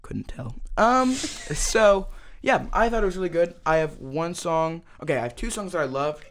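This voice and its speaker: A man's voice: fairly high pitch, animated, moderate pace, a bit bright, slight background noise. A young man co-hosting a casual podcast chat, hesitant and rambling with lots of fillers. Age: young adult. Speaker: podcast co-host.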